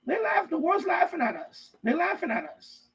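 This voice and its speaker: A man's voice: very high-pitched, big pitch swings, normal speed, a bit bright, poor audio. A man hosting a live stream from his basement, ranting casually with profanity and lots of repetition, riffing in mock voices. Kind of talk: rambling casual rant. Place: basement room.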